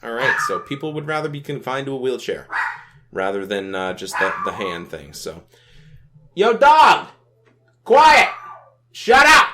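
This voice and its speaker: A man's voice: on the low side, steady tone, moderate pace, sharp tone, slight background noise. A young man casually commenting on a browser game, rambling and laid-back, often tacking on filler phrases and swearing offhandedly. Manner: rambling and laid-back, keeps adding "you know what I mean", swears casually. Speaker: gaming video host.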